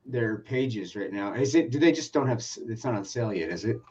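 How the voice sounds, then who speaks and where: A man's voice: lowish voice, lively intonation, a little fast, darkish tone, husky. Man with a dull, lo-fi sound. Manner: asks questions, hesitant. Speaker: podcast co-host. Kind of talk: casual chat. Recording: dull lo-fi audio.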